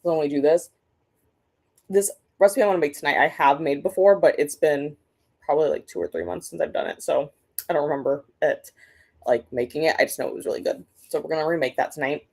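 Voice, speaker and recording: Fast and low, her gravelly voice is a little mellow and slightly rough as she hosts the booktube reading sprint stream. Between casual chat she rants, profane and exasperated.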